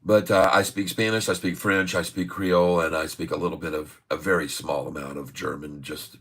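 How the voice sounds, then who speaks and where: A man's voice: low voice, steady tone, brisk, fairly bright tone. A middle-aged man hosting a day-trading livestream, talking in a chatty, jokey way, often laughing and repeating himself. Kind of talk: casual livestream chat.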